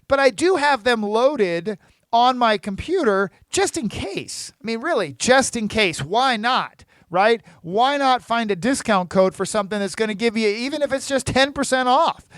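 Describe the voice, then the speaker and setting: High-voiced man hosting a podcast. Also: a bit bright, smooth, no echo. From United States. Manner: chatty, keeps asking "right?". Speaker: podcast host, financial planner. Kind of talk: casual solo podcast talk.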